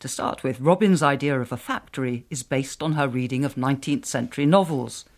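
A man's voice: medium pitch, fairly quick. Male radio book show host. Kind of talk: scripted presenting.

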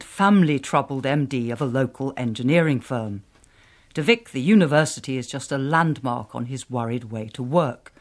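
Casting: male radio presenter, mid-pitch, measured scripted delivery. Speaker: radio book show host.

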